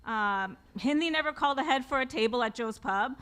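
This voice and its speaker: A woman's voice: high voice, a little fast, a bit bright, smooth. A woman in her forties, an author telling a personal story live to an audience with wry, self-deprecating humor, often laughing at her own jokes.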